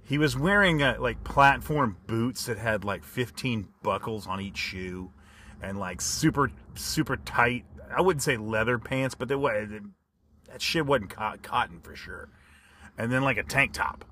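A man hosting a comedy podcast, telling stories in an animated monologue with big jumps in pitch and volume. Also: measured pace, a little hiss or hum. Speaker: podcast host.

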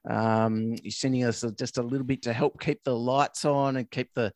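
A man's voice: mid-range voice, fairly even intonation, moderate pace, darkish tone, no room sound. An Australian man co-hosting a vet podcast, bantering with dry, teasing humour over a remote call. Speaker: veterinarian podcast co-host. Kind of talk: casual chat. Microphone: remote call recording.

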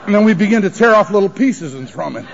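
A man's voice: sits high, expressive, quick pace, creaky, slight background noise. A man telling his recovery story at a sobriety conference, confessional and emotional with wry humor, on a dull archival tape. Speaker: recovery meeting speaker.

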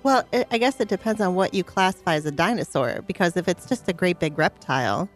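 A woman in a casual group chat, answering in a calm, measured way. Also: fairly low pitch, faint music behind. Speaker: panel guest.

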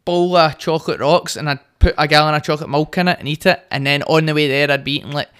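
A man's voice: on the high side, fairly even intonation, quick pace, a bit bright, clean tone. A young man with a Scottish accent, a guest boxer telling cocky stories with a laugh in casual podcast chat.

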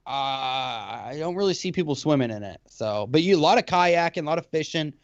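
A man co-hosting a podcast in casual chat, swearing often and talking in animated, talkative runs. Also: fairly high pitch, a little fast, dry recording, lo-fi sound. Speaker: podcast co-host. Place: lives in Alabama.

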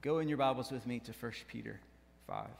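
A man preaching a sermon as pastor, animated, rising and dropping, with frequent questions to the congregation. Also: medium pitch, brisk, creaky, long reverb tail. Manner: animated preaching that rises and drops, with asides to the congregation.

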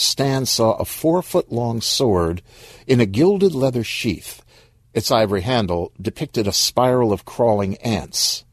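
A man narrating a short story in a wry, expressive storybook reading. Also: on the low side, husky, dry recording, studio quality.

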